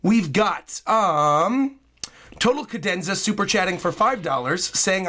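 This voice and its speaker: A man streaming live in casual chat, hoarse with a worn-out voice, excitable and prone to bursts of loud hyped yelling. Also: sits high, a little slow. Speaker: streamer reacting to a comic chapter.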